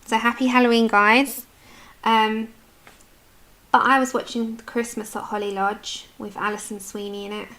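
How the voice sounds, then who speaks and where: A woman's voice: on the high side, level tone, moderate pace, sharp tone. A British woman in her adult years chatting casually with viewers while colouring on a livestream, answering their comments as she goes. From United Kingdom.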